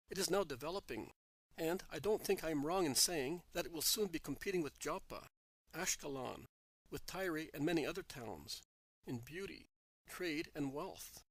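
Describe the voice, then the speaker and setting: Boastful older merchant in an audiobook, read by a man, slightly high voice, dry. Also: fairly bright tone, dry recording, exaggerated voice. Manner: boastful, then resigned. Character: ambitious older male merchant, dreaming of wealth.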